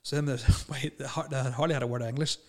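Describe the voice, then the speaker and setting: A young Northern Irish man in relaxed chat, telling anecdotes with lots of filler and swearing. He stumbles and restarts now and then. His voice sits at a middling pitch. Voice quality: stutters at times. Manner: storytelling, swears freely, quick laughs, mimics others. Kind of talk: casual chat.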